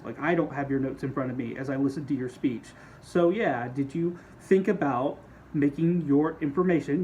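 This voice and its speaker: A man's voice: fairly high pitch, a little mellow, slight background noise, poor audio. Conversational male speech instructor. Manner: casual, conversational, explains with quick demonstrations. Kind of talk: recorded lecture.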